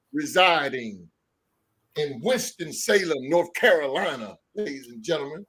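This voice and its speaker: A man hosting a sports podcast, hyping up his co-hosts with loud, excited introductions. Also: mid-range voice, vocal fry, breathy edge. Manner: loud hype-man introductions, shouting and laughing. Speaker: podcast host.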